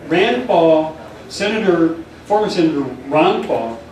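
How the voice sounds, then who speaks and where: A man's voice: on the high side, animated, a little slow, a little mellow. A man speaking at a political meeting, rambling and telling a joke with acted-out voices. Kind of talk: public talk to a meeting. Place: meeting room in a church. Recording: echoey hall, far from the mic, crowd noise.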